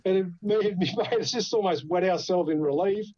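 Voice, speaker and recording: A man with an Australian accent, a podcast guest telling an animated story full of swearing. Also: high-pitched, fast, dull audio. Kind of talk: casual storytelling.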